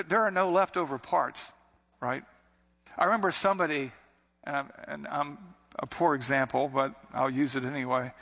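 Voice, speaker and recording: A man's voice: mid-range voice, bright, forceful tone, big-room sound. A man preaching a sermon as a pastor, building to emphatic repetitions.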